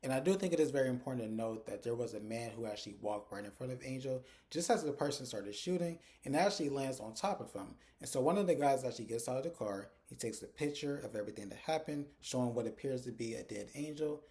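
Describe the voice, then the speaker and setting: A man's voice: medium pitch, animated, mellow. A man giving a casual recap of a TV episode, recorded on his phone, quoting the characters' lines as he goes. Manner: retells scenes, acting out characters' lines in quick quotes. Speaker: TV episode reviewer. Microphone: phone camera.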